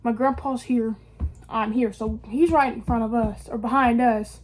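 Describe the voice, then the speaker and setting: A young woman telling a story in a casual, animated way, full of slang and swearing. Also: fairly high pitch, normal speed, slight background noise. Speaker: vlogger.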